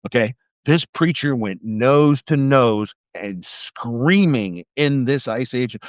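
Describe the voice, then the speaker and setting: A middle-aged man and former police officer rambles through stories on his live stream, swearing freely as he goes. His voice sits at an ordinary pitch for a man. The audio is dull and lo-fi, in a dry, deadened room. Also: lively intonation, slow pace, hardly any pauses, dry recording. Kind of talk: casual live-stream monologue.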